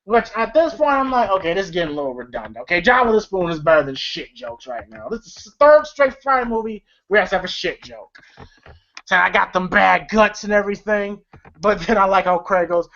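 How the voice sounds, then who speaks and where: A woman's voice: mid-range voice, expressive, brisk, fairly bright tone. Woman, film reviewer, rambling, profane, lots of fillers, lo-fi sound. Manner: rambling, profane, laughs often, many fillers. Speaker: movie reviewer. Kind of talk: casual retelling of film scenes.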